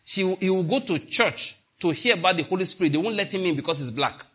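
Lively, bright-voiced preacher man. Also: sits high, fast, husky. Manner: animated, storytelling with laughter and acted-out quotes. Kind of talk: sermon.

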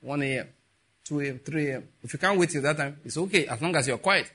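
A man preaching a sermon, telling stories with quiet asides that build to emphatic peaks. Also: a little high, fast talker, breathy edge. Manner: storytelling with soft asides and rising emphatic peaks.

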